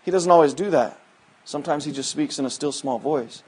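A man preaching a sermon in a folksy, conversational way, quoting scripture and swinging from loud emphatic lines to hushed asides. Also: a little high, brisk, slight background noise. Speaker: pastor.

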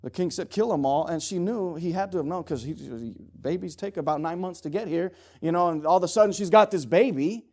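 Impassioned higher-voiced male preacher. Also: a little fast, few pauses. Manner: impassioned, swings from loud urging to low asides; folksy, joking with the congregation. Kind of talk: sermon.

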